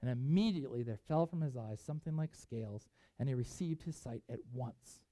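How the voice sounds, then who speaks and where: A pastor preaching a sermon, telling a Bible story with animated delivery and reading scripture aloud. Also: medium pitch, brisk, no room sound, poor audio.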